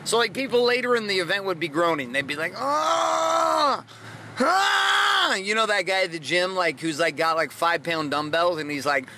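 A man's voice: fairly high pitch, quick pace, few pauses, very noisy. A man in his thirties hosting a motivational podcast, talking bluntly and energetically with plenty of swearing. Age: 30s. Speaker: podcast host, coach. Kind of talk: motivational monologue.

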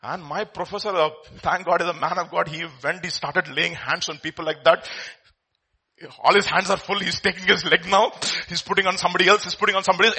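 A man from India preaching a sermon, his delivery swinging between loud, emphatic bursts and quiet, hushed asides. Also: sits high, fairly even intonation, fast talker, gravelly, breathy edge.

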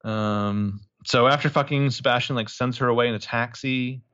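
A man's voice: mid-range voice, steady tone, normal speed, a bit bright, highs cut off. A man casually recapping a movie as a podcast co-host, crude and joking, rambling with lots of fillers.

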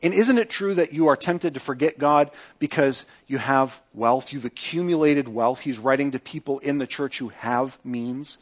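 A middle-aged male pastor preaching a sermon, asking the congregation rhetorical questions and dropping to a softer voice to pray. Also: moderate pace, few pauses. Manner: acts out quoted speech with lifted pitch; prays in a softer, lower voice.

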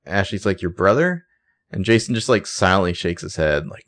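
A man's voice: fairly low pitch, lively intonation, moderate pace. A man co-hosting a podcast, casually retelling a TV scene, with sarcastic asides and frequent swearing. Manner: sarcastic, swears freely, narrates scenes with quoted lines. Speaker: podcast co-host recapping a TV episode. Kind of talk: casual chat.

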